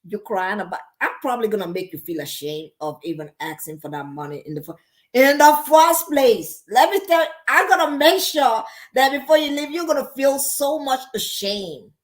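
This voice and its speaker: A woman's voice: sits high, animated, normal speed. A woman hosting a reaction video, giving sassy, emphatic casual commentary and laughing often.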